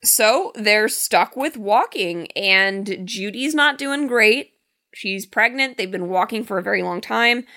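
A woman's voice: mid-range voice, animated, takes it slowly, pushed and bright. A woman casually retelling a film's plot in a chat, acting out characters' lines as she goes. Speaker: podcast co-host. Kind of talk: casual film recap chat.

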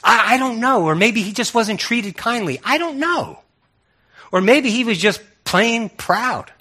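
A man's voice: high voice, a little slow, sharp tone. A man preaching a sermon in a conversational way, asking many rhetorical questions and often restarting his words.

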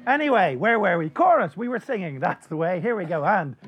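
High-voiced man leading a sing-along. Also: animated, fairly quick, highs cut off. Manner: playful, jokey, coaxing the crowd to join in. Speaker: children's author performing a song. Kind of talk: live sing-along with an audience. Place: live venue with audience. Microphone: clip-on lapel mic. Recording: live performance with loud guitar backing.

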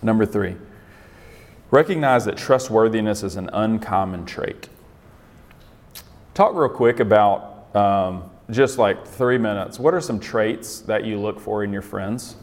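Lowish man preaching in a hall. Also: a little slow. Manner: conversational, asks the audience questions, laughs often. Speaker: pastor. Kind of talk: casual sermon to a group.

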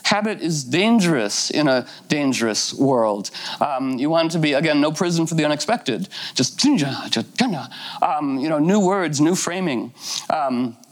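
A woman's voice: low voice, expressive, a little slow. Woman giving a talk; loose, playful, filler-heavy, acts out voices.

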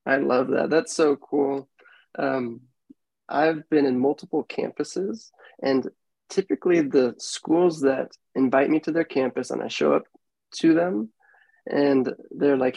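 A man's voice: medium pitch, a little slow, gravelly, darkish tone, no room sound, poor audio. A young man hosting a podcast, chatting casually with a lot of fillers and rambling asides. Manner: rambling, filler-heavy, laughs easily. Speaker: podcast host. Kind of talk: casual interview chat. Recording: dry close podcast mic.

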